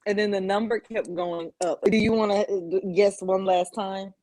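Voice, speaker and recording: A woman's voice: medium pitch, fairly even intonation, normal speed, dark tone, no echo, rough recording. Young Southern woman, dry close sound. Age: 20s. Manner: playful, rambling, self-mocking. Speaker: guest, content creator. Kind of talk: casual interview banter.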